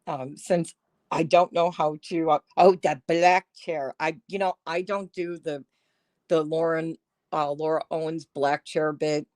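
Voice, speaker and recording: A woman's voice: low-pitched, steady tone, unhurried, darkish tone, dry recording. A woman hosting a casual livestream, chatty and sarcastic, often breaking into laughter, talking into a phone microphone. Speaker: livestream host. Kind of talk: casual live-stream chat.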